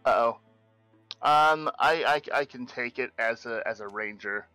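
A man's voice: medium pitch, unhurried, sharp tone, faint music behind. A man co-playing a let's play, giggly and hesitant. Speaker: co-player.

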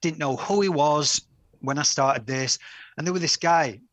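A man's voice: on the high side, normal speed, fairly bright tone, no echo. A middle-aged man, a podcast guest, telling his story in an enthusiastic, rambling way. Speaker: podcast guest, campaign founder. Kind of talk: casual interview chat.

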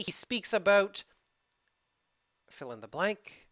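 Fast-talking teacher with a Canadian accent. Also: mid-range voice, expressive, a bit bright, no echo. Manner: fast-talking, casual, informal asides. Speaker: English test prep teacher. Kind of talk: video tutorial.

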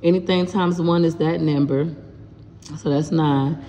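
A woman's voice: sits low, fairly even intonation, unhurried, dark tone, big-room sound. A woman in her thirties, a parent and content creator, talking frankly and casually in a vlog about teaching her son math, swearing now and then. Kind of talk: casual vlog explaining homework help.

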